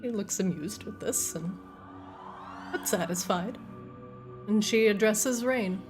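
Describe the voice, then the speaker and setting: Slow-paced woman running a tabletop game. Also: medium pitch, darkish tone, soft background music. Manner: unhurried, easygoing narration with fillers. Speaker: dungeon master.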